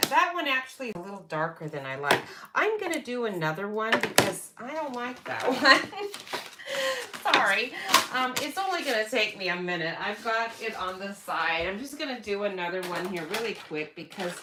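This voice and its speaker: A woman's voice: on the high side, sing-song, normal speed. A woman hosting a card-making tutorial, chatting casually and thinking aloud as she works at her craft table. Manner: chatty, thinks aloud, self-correcting, laughs at herself. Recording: loud background noise.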